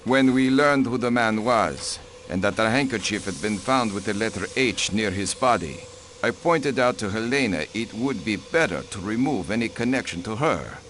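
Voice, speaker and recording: An actor playing a proud diplomat count who speaks in a stiff, formal, imperious way. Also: male voice, on the low side, lively intonation, normal speed, fairly bright tone, slight background noise. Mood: cold. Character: cold, proud male diplomat count, protective of his wife.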